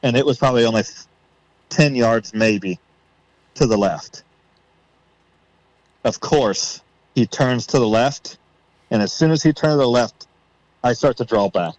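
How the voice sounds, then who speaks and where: A man tells a story on a podcast in a loose, casual way, acting out what he thought at the time. His voice sits at an ordinary pitch and comes through a close mic in a dry room with no echo. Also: measured pace, pauses often, lo-fi sound. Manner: excited storyteller, reenacts his own thoughts. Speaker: podcast guest.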